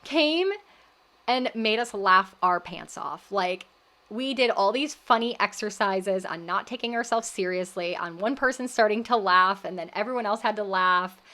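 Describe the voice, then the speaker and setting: A woman hosting a wellness podcast, recapping her experience in an animated, casual storytelling way and acting out the voices she quotes. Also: mid-range voice.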